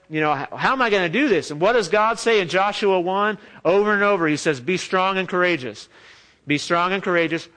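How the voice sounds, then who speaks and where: A man's voice: high-pitched, fairly bright tone. A man giving a sermon as pastor in a church, talking conversationally and joking with the congregation.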